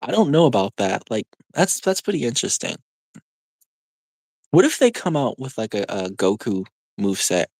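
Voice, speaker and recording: Young adult streamer, casual live chat, animated and rambling, dry room. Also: medium pitch, no echo. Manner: rambling, full of "like" and quick laughs.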